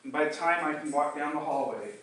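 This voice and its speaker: A man's voice: fairly high pitch, a bit bright, slight background noise. Older man giving a speech in an echoey hall. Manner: dramatic pauses, slows down for emphasis. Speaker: contest speaker. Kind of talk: storytelling public speech. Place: meeting room or hall. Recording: echoey hall, mic at a distance.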